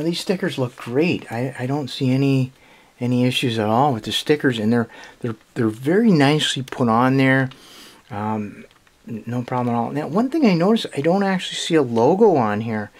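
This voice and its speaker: A man hosting his own puzzle channel, chatting casually through an unboxing in a hesitant, halting way, with frequent restarts and small laughs. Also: mid-range voice, a little hiss or hum.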